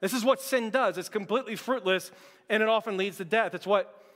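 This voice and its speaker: A young man preaching a sermon as pastor, conversational and joking with quick asides. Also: high-pitched, fairly bright tone, big-room sound. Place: church sanctuary.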